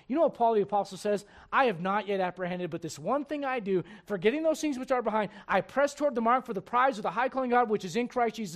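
A man preaching a sermon. He swings between quiet, close asides and loud, emphatic preaching, and keeps asking his listeners rhetorical questions. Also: high-pitched, quick pace, few pauses. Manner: asks the congregation rhetorical questions.

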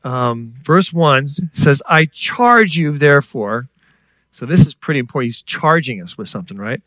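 A man's voice: mid-range voice, expressive, a little fast, a bit bright, no echo. A middle-aged man preaching a sermon in a conversational way, with asides and rhetorical questions to the congregation. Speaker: pastor.

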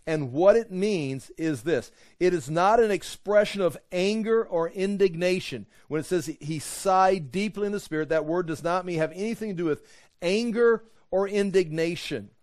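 A man with a fairly high voice teaches scripture verse by verse, animated and conversational. He acts out quoted voices and fires off rhetorical questions. The sound is dry and close, with no room echo. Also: normal speed. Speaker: Bible teacher.

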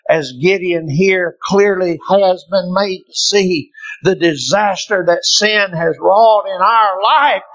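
A male preacher delivering an impassioned sermon, dropping to hushed tones and rising to shouts. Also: takes it slowly, no echo, dull audio. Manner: impassioned, swinging from hushed lows to shouted peaks.

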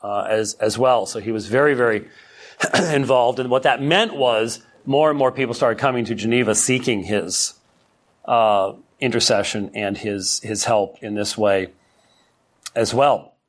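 A man's voice: medium pitch, measured pace. A middle-aged man teaching a church history Sunday school class in a conversational way, with many fillers and restarts.

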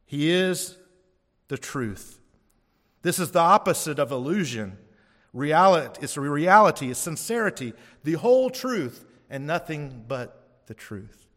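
A man's voice: fairly high pitch, very animated, unhurried, fairly bright tone. A man preaching a sermon as pastor, emphatic and rising on key phrases, asking the congregation for responses. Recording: long hall reverb.

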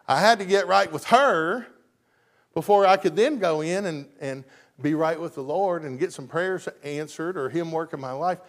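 A pastor preaches in a church, talking with his congregation in a folksy, chatty way. His voice sits a little high for a man, and he often chuckles and tosses questions out to the pews. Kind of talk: sermon. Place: church sanctuary.

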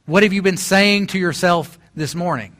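Preaching man, slightly high voice. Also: normal speed, a bit bright. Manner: storytelling, rising to emphatic exhortation. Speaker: pastor. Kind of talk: sermon.

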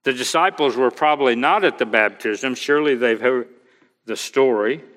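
A male pastor preaching a sermon, slow and emphatic, quoting scripture aloud. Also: mid-range voice, a bit bright, in a large hall.

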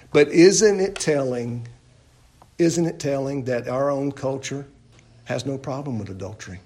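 A man's voice: mid-range voice, a little mellow, a little hiss or hum. A man preaching a sermon in a church, emphatic and full of rhetorical questions and repeated phrases. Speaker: pastor.

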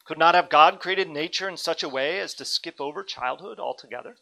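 Male pastor, thirties, earnest dynamic preacher, crisp bright tone. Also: a little high, fairly quick, low-quality recording. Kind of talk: sermon.

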